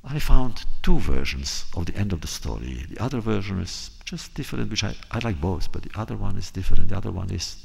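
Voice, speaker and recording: A man's voice: low-pitched, animated, fairly quick, gravelly, few pauses, a little mellow, slightly rough, long reverb tail. An older man giving a storytelling lecture in an emphatic, reflective way.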